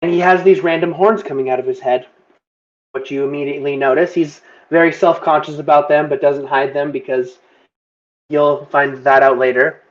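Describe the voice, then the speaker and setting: A man's voice: fairly high pitch, steady tone, moderate pace, lo-fi sound. A man casually describing his tabletop game character in a rambling, chatty way. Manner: rambling, laughing.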